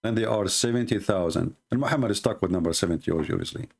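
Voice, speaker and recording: A man's voice: lowish voice, creaky, darkish tone, slightly rough. Emphatic man with an Arabic accent. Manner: emphatic, argumentative, repeats phrases, slows for stress. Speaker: debate show host. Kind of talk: live debate commentary.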